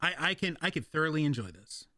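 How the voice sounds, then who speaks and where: A man hosting a podcast, telling stories in an animated, profane way. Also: on the high side, fast talker, no echo, clean studio sound. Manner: animated, profane storyteller, stumbles and restarts. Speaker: podcast host. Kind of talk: casual podcast storytelling.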